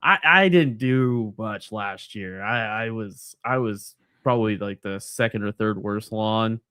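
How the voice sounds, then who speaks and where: A man's voice: lowish voice, a little slow, pushed and bright, clear, resonant tone, dry recording. A man co-hosts a podcast in a chatty, easygoing way and often stumbles into restarts. The recording is dry and close, with no room sound. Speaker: podcast co-host. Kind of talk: casual sports chat.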